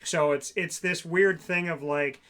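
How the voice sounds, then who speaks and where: Sports talk co-host, man, sharp bright tone, slightly high pitch, sarcastic rants. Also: fairly even intonation, measured pace. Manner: sarcastic, ranting.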